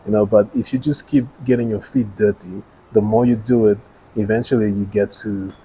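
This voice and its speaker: A man's voice: fairly low pitch, fairly even intonation, moderate pace, dark tone, a little hiss or hum, low-quality recording. A man hosting a podcast interview, summing up the guest's story reflectively and leaning on fillers like "you know" and "like". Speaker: podcast host.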